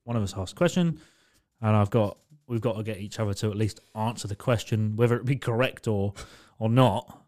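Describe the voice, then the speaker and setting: A man's voice: fairly low pitch, a little fast, darkish tone. A man co-hosting a casual podcast, rambling through explanations, swearing freely and laughing often. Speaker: podcast co-host. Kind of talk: casual chat.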